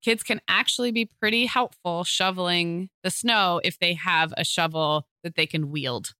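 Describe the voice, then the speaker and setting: A woman's voice: on the low side, moderate pace, bright, forceful tone, smooth, no echo. A woman co-hosting a parenting podcast who chats casually and runs through listener tips. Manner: upbeat, steers the talk through listener tips. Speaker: podcast co-host. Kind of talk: casual chat.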